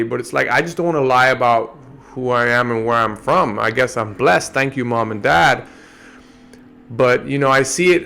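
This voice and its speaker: Medium in pitch, creaky and a bit bright, the voice belongs to a podcast host from Antigua with an American-tinged accent. He talks through his ideas in a reflective monologue that meanders and frequently restarts.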